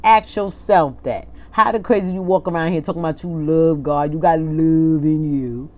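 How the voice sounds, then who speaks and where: A woman with a low voice preaches an informal sermon. She lingers over each word when she reads scripture, then turns impassioned and pointed, arguing with the people she is preaching to. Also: fairly even intonation. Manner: impassioned, talks back to an imagined congregation, laughs at herself; reads scripture slowly and deliberately.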